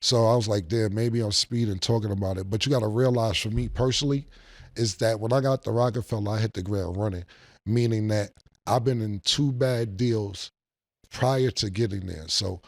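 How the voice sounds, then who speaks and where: A man as a guest in a casual interview, telling animated, streetwise stories and laughing between them. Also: on the low side, moderate pace, no echo, studio quality.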